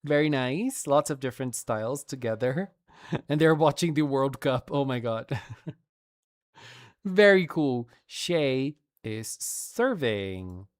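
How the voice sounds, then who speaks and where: A woman's voice: rumbling low, lively intonation, unhurried, a little mellow. A woman streamer gushing playfully over fan art in a casual showcase, laughing often.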